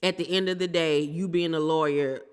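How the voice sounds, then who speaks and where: A woman's voice: low-pitched, fairly even intonation, moderate pace, clean tone, in a large hall. A woman giving blunt, sassy commentary as she recaps a reality TV episode for her channel. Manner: sassy, blunt, throws shade. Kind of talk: casual opinionated commentary.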